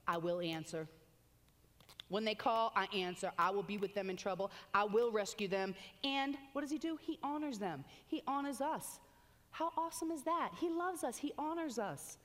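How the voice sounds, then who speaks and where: A woman preaching a sermon with animated exclamations, reading scripture aloud between comments. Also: mid-range voice. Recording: long hall reverb.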